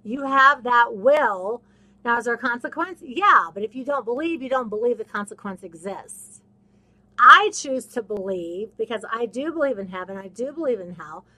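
A woman's voice: a little high, animated, normal speed, pushed and bright. A woman hosting a podcast, preaching to her listeners in an emphatic, repetitive way and slipping into other people's voices. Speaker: podcast host. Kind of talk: casual faith talk, preaching to listeners.

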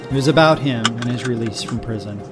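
A man hosting a short-story show, reading the narration in a calm, measured way. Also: medium pitch, music in the background. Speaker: narrator and host.

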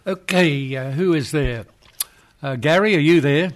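A man's voice: a little high, measured pace, soft background music. An older Australian man hosting talkback radio, blunt and scolding as he argues with a caller.

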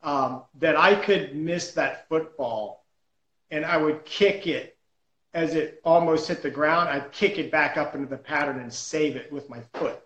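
Man, animated self-deprecating storyteller, slightly high voice, echoey room. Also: measured pace, muffled recording. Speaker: juggler and comedy performer. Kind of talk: casual storytelling chat.

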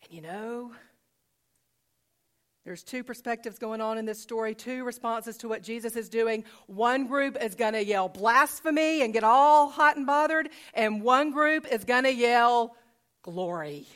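A woman's voice: on the high side, measured pace, a bit bright, clear, resonant tone. Woman pastor preaching conversationally. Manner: conversational, rhetorical questions, repeats phrases. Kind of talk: sermon.

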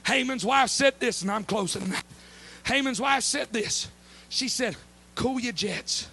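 A man's voice: very high-pitched, unhurried, bright, forceful tone, slight background noise. A man preaching a sermon, telling the story dramatically in folksy speech.

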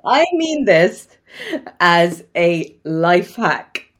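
Here is a woman speaking as a guest on a podcast, with a fairly low voice. She talks casually and chattily, often breaks into laughter, and uses lots of fillers. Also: big pitch swings, very slow. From Sri Lanka. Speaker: guest, medical doctor.

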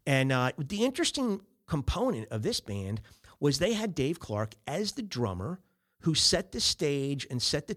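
A man hosting a podcast, giving casual business advice and acting out quoted emails in quick voices. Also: mid-range voice. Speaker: podcast host.

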